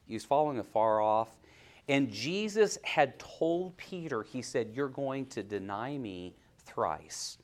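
Male preacher, sermon delivery, hushed-to-fervent swings, questions the congregation. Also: medium pitch, expressive, unhurried. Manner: swings from hushed near-whispers to loud, rising exhortation.

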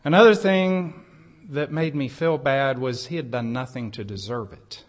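A man from the United States delivers a sermon, recounting a personal story with earnest emphasis and rising pitch on important phrases. His voice is medium-pitched, at a moderate pace.

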